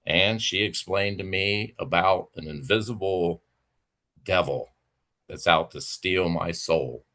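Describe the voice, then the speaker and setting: A fairly low-pitched man speaks into a livestream mic. He rants at a rival in a heated, profane, sarcastic way. His outbursts jump high and loud, then drop to low mutters. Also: takes it slowly. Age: adult with children. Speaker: livestream host. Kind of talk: angry rant to a rival.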